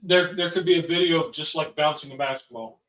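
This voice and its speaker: A man's voice: on the high side, fairly even intonation, brisk, a bit bright, dull audio. A father hosting a family vlog, chatting casually and rambling with plenty of ums and sos. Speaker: father and channel host. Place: home kitchen. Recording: roomy, from a distance.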